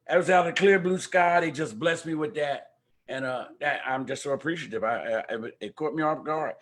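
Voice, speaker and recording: Energetic older man hosting a livestream. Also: a little high, normal speed, long pauses. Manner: warm preacher-like exhortations. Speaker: host of a community talk show. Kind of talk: casual livestream talk. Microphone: microphone at home.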